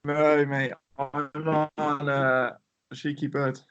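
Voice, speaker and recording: A man's voice: medium pitch, flat delivery, takes it slowly, a bit bright, smooth. Easygoing English man on a dull line. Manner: easygoing, agreeable. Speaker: podcast guest. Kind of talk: casual chat.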